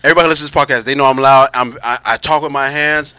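A man hosting a podcast, loud and animated, talking with his hands and cursing freely in casual chat. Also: mid-range voice, racing, clean tone. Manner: loud, animated, profane, laughs often. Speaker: podcast host.

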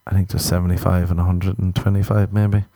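A rambling man talks on his own in a loose, jokey monologue, dropping self-mocking asides as he goes. His voice sits low, and the sound is close and dry, with no room around it. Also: little pitch movement, quick pace, mellow, no echo. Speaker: comedian and author.

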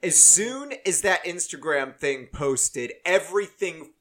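Brief: man, casual podcast host, slow and rambling, bright tense tone, jokey. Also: fairly high pitch, animated. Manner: rambling, joking, self-interrupting. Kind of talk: casual chat.

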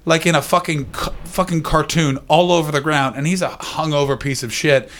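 Profane stand-up comedian. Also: male voice, fairly high pitch, steady tone, moderate pace, fairly bright tone. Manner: profane, rambling, riffs with the crowd. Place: live comedy venue.

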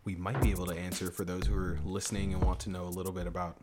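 A man, the game master, wrapping up a session in relaxed, chatty talk that repeats itself. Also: deep voice, rapid-fire, over loud music. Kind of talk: casual podcast wrap-up chat.

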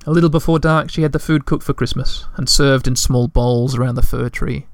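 A man reading a children's storybook aloud in a gentle, measured way. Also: mid-range voice, steady tone, vocal fry, dry recording, studio quality. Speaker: narrator.

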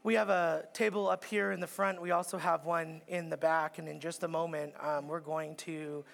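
A pastor preaching a sermon in a church, with an earnest, repetitive cadence that builds to emphatic peaks. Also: male voice, fairly high pitch, little pitch movement, normal speed, gravelly, a bit bright. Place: church auditorium.

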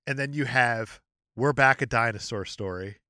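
A man's voice: mid-range voice, normal speed, bright, forceful tone, no echo, studio quality. A man co-hosting a movie podcast in casual chat, joking and reading reviews aloud. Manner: joking, reads out reviews with laughs. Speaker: podcast co-host.

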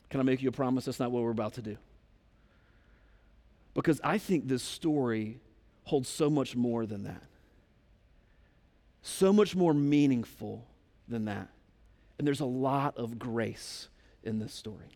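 Male pastor, chatty sermon delivery with asides to the room, a touch high, long hall echo. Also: a little mellow. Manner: conversational, direct asides to the congregation. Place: church sanctuary.

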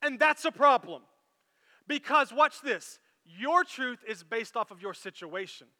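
A man preaching a sermon as pastor, animated and storytelling, acting out quoted lines. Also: very high voice, a little slow, in a large hall.

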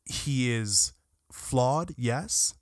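A man's voice: medium pitch, lively intonation, very slow, dry recording, studio quality. A man co-hosting a podcast, talking casually and animatedly about a film, swearing and restarting sentences often. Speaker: podcast co-host.

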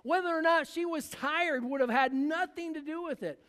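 A man delivers a sermon from the pulpit, his voice unusually high for a man. He acts out the people in the story as he preaches. A long church reverb trails behind every phrase. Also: normal speed, fairly bright tone. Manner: preaching with acted-out voices of biblical figures. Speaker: pastor.

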